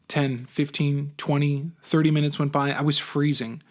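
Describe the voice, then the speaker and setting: Man reading a novel aloud, fairly high voice, expressive and animated, teacher. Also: normal speed, few pauses.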